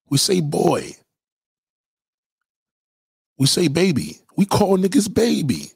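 Middle-aged New York man, husky and dry, swinging pitch, profane slang-heavy monologue. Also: slow pace, pauses often, no room sound. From New York City. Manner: profane, animated, heavy slang, repeats himself. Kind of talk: casual street-talk monologue.

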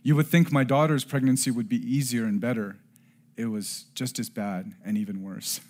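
A middle-aged man preaching a sermon and telling a personal story, earnest, rising to loud emphasis and dropping to hushed tones. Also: mid-range voice, fairly even intonation, normal speed. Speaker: pastor.

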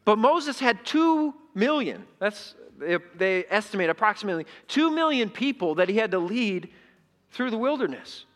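Bright-voiced pastor in an echoey hall. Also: male voice, high-pitched, very animated, moderate pace. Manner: conversational, asks the congregation questions. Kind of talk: sermon. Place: church sanctuary.

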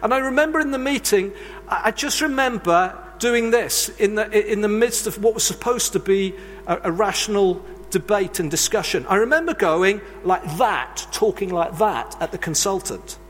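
A man's voice: high-pitched, animated, normal speed, fairly bright tone, a little hiss or hum. A man preaching a sermon, telling earnest, confessional stories from his own life. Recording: long reverb of a large hall.

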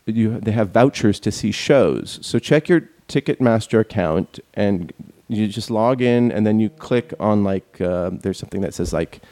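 A man's voice: lowish voice, a little slow, few pauses, dark tone. A man hosting a casual group podcast chat, rambling and joking as he reads out concert listings.

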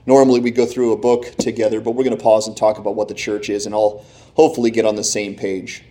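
A man's voice: on the low side, level tone, fast, dark tone. A man preaching a sermon, playfully asking his congregation questions and joking with them. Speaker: pastor. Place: church in front of a congregation.

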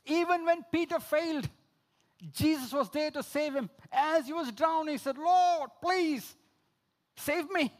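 A man preaching a sermon, repeating key phrases, calling listeners friends, and swinging between emphatic outbursts and low, quiet lines. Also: moderate pace. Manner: rises to emphatic high exclamations, drops low for quoted lines.

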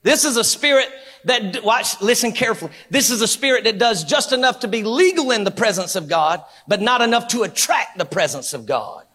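A man preaching a Pentecostal sermon in a church, fervent and rhythmic, building to shouts with repeated phrases. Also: high voice, lively intonation, brisk, husky, long reverb tail. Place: church sanctuary.

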